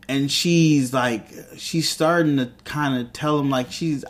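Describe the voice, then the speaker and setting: A man's voice: mid-range voice, slow, hardly any pauses. Chatty man recapping a TV episode. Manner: chatty, retells scenes by playing the characters' lines, many fillers. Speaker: show host reviewing a TV episode. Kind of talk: casual recap and commentary.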